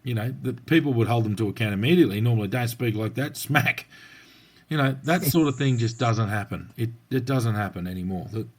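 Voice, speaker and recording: An Australian man co-hosting a podcast, swapping stories in blunt, slangy talk. His voice sits in an ordinary middle pitch. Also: fast talker, hardly any pauses, darkish tone. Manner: blunt, colloquial storytelling with slang. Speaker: podcast co-host, former police officer. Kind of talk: casual podcast chat.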